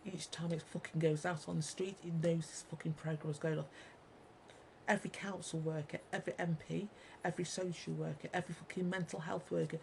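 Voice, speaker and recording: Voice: medium pitch, little pitch movement, brisk, gravelly, a little mellow, a little hiss or hum, rough recording. A speaker in an angry monologue to viewers, ranting, repeating and swearing heavily. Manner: ranting, heavily profane, repetitive. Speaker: vlogger.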